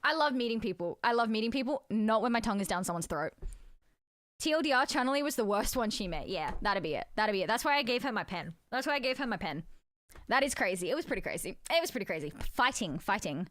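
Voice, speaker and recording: A woman's voice: fairly high pitch, expressive, fast talker, a bit bright, no echo. A young woman live streamer chatting casually with her viewers while playing a word game. She is giggly and chatty, and she swears freely.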